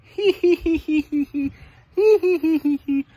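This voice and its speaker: A man voicing a silly, cheerful snake with no arms, in slow, exaggerated storybook tones. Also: very high voice, wildly swooping pitch, a bit bright, no room sound, muffled recording, pitched above the performer's own voice, exaggerated voice. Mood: giggling. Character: silly, cheerful armless snake who wants to play.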